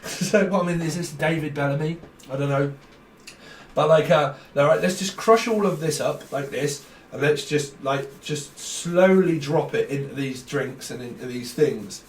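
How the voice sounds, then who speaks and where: A man giving a rambling tarot reading, talking fast, jumping between ideas and laughing often. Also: a little high, slight background noise. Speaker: tarot reader. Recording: roomy sound from a distant mic.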